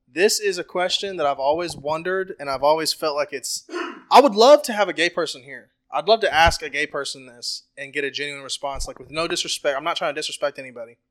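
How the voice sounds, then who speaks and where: A man co-hosting a podcast, talking in crude casual banter and laying out long questions loudly with lots of swearing. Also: fairly high pitch, quick pace. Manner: loud, profane, lays out questions at length. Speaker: podcast co-host.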